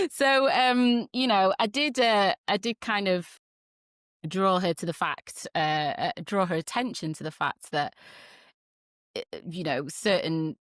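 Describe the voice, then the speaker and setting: Woman podcast host, pitch bouncing all over, dry close sound, chatty. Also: takes it slowly, no echo. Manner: animated, chatty, laughs often. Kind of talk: conversational podcast interview.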